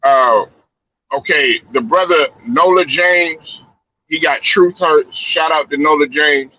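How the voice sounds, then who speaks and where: Hosting a laid-back sports chat podcast, a man rambles through profane, loose stories in a slow, bright, forceful voice on the high side. The audio is dry, with the dull lo-fi quality of a stream.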